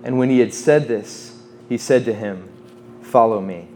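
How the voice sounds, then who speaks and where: A man in his twenties giving an informal faith talk to students, conversational, with quick asides and quotes he acts out. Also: medium pitch, dark tone, a little hiss or hum. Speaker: campus ministry speaker.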